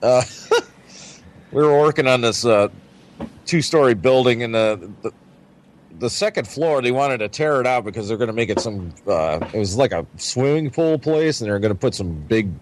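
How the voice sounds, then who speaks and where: Guy with a bouncy, lively voice tossing in crude jokes on a podcast. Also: mid-range voice, moderate pace, a little hiss or hum. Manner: joking, profane asides. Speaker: podcast co-host. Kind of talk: casual chat.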